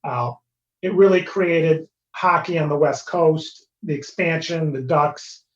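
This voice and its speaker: A man's voice: on the high side, takes it slowly. A man in his fifties, a former pro hockey player, retelling a story in an interview, full of fillers and quoted dialogue. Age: 50s. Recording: roomy, slightly dull sound.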